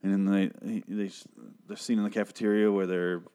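A man's voice: on the low side, level tone, a little fast, dark tone, smooth. A young man recapping and reviewing a TV episode in a rambling, sarcastic way, swearing freely and acting out the characters' lines. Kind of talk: casual recap and review monologue.

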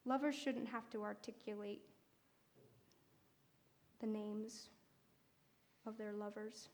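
A woman's voice: medium pitch, fairly even intonation, takes it slowly, a little mellow. A woman preaching a sermon, telling a personal testimony in an earnest, conversational way with fillers and restarts.

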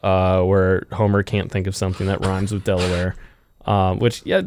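A man's voice: low-pitched, level tone, normal speed, a little mellow, no echo. A man co-hosting a podcast who rambles with laughs in casual chat. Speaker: podcast co-host.

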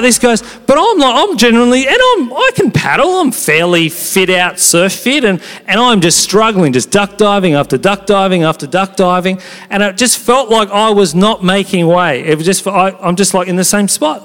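A pastor preaching a sermon in a casual, conversational way, telling stories with lively energy. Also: male voice, high-pitched, moderate pace. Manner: animated storytelling, conversational preaching. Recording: long hall reverb.

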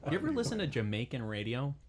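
A man on a casual podcast who cracks deadpan jokes. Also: medium pitch, fast. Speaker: podcast co-host. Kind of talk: casual chat.

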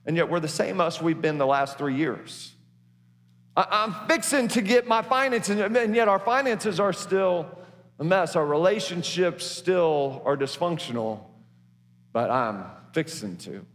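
A man's voice: high-pitched, unhurried, a bit bright, big-room sound. A man preaching a sermon as pastor, folksy and stumbling over his words with many restarts, in a church.

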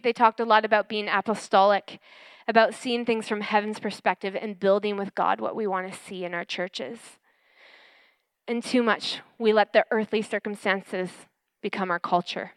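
Smooth-voiced woman preaching earnestly. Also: mid-range voice, no room sound. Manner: earnest, animated storytelling. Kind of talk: sermon with personal testimony.

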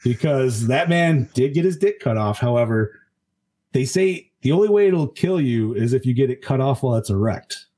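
A man's voice: medium pitch, lively intonation, normal speed, dark tone. A man co-hosting a casual movie-review podcast, talking in a profane, musing way and often trailing off mid-thought. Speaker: podcast co-host.

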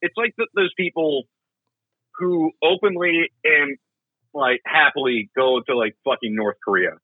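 A man's voice: a little high, measured pace, husky, no room sound. A man co-hosting a podcast, trading crude jokes in casual banter. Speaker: podcast co-host. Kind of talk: casual joking chat. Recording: dry thin phone-like line.

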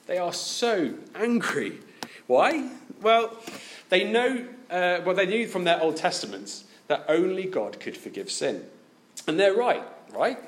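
Guy preaching a sermon, really lively up and down voice, keeps asking the crowd questions. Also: sits high, slight background noise. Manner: lively, asks the listeners many direct questions.

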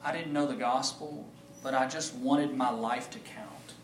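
A male pastor giving his personal testimony in an animated storytelling manner, acting out the voices of people he quotes. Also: medium pitch, a little slow, a little hiss or hum. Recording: echoey room.

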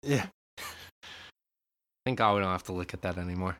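A woman's voice: extremely low pitch, moderate pace. A woman podcast host who narrates and chats casually and laughs a lot. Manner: animated, laughing.

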